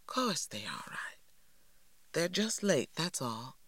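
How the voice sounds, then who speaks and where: A man reading an audiobook, voicing a stern, worried rural mother with a sharp, clipped manner. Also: fairly high pitch, lively intonation, moderate pace, no echo. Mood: weary.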